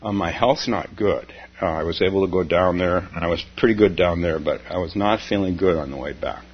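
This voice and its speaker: A man giving an informal dharma talk as a meditation teacher, speaking haltingly, with restarts and chuckles. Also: low-pitched, breathy edge. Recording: dull lo-fi with faint hum.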